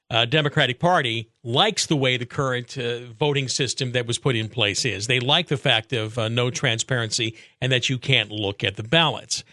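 Sarcastic bright-voiced male radio host. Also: medium pitch, dry recording, clean studio sound. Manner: sarcastic, emphatic, with mocking voices. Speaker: radio talk show host. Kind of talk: casual opinionated talk radio.

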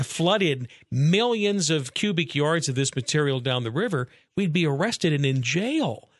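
A man's voice: a little high, a bit bright, no echo. A man hosting a call-in radio talk show, emphatic and concerned, pressing pointed questions.

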